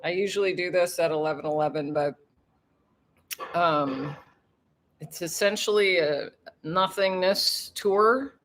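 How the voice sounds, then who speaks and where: This chatty livestream host, also a tour guide, rambles casually from her tropical-town home and laughs often while welcoming viewers. She has a medium-pitched, fairly bright voice.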